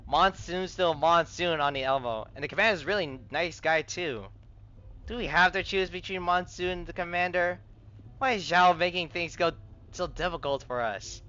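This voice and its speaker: A man's voice: on the high side, moderate pace, hardly any pauses, bright, forceful tone, highs cut off. A man voicing a brash, hot-tempered young woman soldier who talks bluntly and grumbles with impatience. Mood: exasperated.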